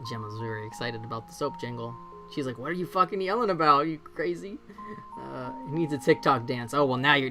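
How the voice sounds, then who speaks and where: A streamer in their forties, chatting casually and self-deprecatingly from a bedroom, swearing freely and laughing often. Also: medium pitch. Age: 40s. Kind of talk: casual live-stream chat.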